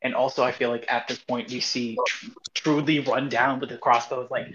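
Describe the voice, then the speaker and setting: A man playing in a tabletop game, talking in a brash, excitable way and swearing. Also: mid-range voice, fairly quick, muffled recording. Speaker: player.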